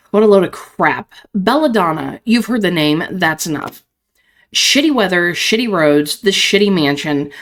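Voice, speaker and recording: A volatile, profane stranger, voiced by a woman in a horror game. She snarls short, clipped threats and sounds ready to snap. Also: lowish voice. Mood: angry. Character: foul-mouthed furious woman, volatile and threatening.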